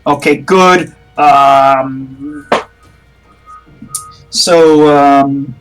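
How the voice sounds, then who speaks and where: A man's voice: medium pitch, fairly even intonation, very slow, fairly bright tone, faint music behind, low-quality recording. A man running a tabletop horror game as game master, narrating in a rambling way with many restarts.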